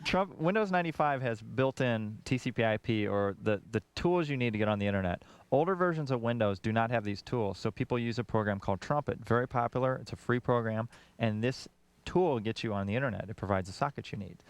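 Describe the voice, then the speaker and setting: A man's voice: medium pitch, fairly quick, smooth. A man co-hosting a call-in computer show, explaining answers in plain terms. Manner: explanatory, laughs easily. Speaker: tech expert co-host. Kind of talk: call-in tech talk show.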